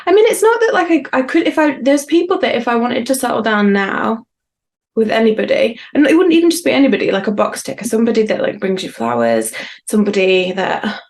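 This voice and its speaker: A woman's voice: a little high, lively intonation, a little fast, a little mellow. A woman co-hosting a podcast, chatting casually and rambling through funny stories with self-mocking humour. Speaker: podcast co-host. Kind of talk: casual chat.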